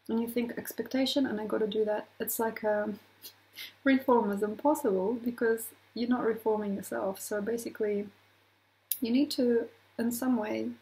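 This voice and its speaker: A woman astrologer talking casually to her viewers, animated, acting out little quoted voices and laughing often. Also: fairly high pitch, vocal fry, poor audio. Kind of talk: casual astrology talk to camera.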